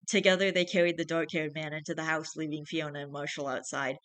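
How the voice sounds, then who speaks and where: Woman with a lowish dry voice reading fiction. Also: fast, dry recording. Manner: lively, voices the dialogue. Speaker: reader. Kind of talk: fiction read-aloud.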